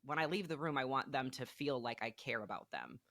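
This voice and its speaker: A woman's voice: rumbling low, brisk, fairly bright tone. A woman hosting a casual podcast chat. She laughs often and restarts her sentences as she searches for words. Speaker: podcast host.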